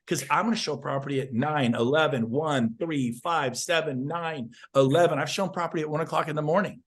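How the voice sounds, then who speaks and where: A man's voice: a little high, a little fast, hardly any pauses. A man, a real estate agent guest, giving intense, fired-up sales advice on a podcast interview.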